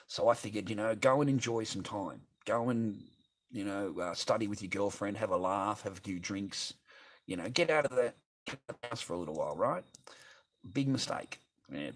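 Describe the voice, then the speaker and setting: Brief: middle-aged Australian man, lowish voice, cursing and bitter, repeating himself in a long rant. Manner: profane, repetitive, bitter. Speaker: streamer. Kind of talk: ranting monologue.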